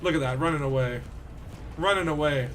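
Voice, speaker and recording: A young man giving animated gameplay commentary as a streamer, yelling when things get exciting. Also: on the high side, brisk, a little hiss or hum. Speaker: game streamer.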